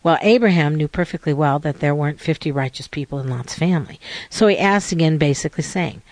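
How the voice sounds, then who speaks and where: A man giving a sermon-style scripture lesson in a measured, earnest way, asking rhetorical questions. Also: a little high, no echo. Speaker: religious teacher.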